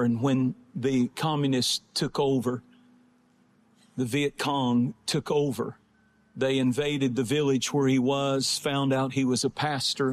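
A man preaching a sermon, swinging between fervent, rising exhortation and slow, low storytelling. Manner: rising to impassioned shouting, then slowing to low storytelling.

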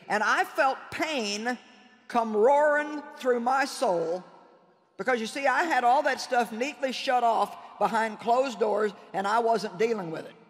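A woman preaching a sermon to a conference crowd, addressing listeners directly and emphatically with laughing asides. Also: medium pitch. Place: large conference hall. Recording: long reverb in a large hall.

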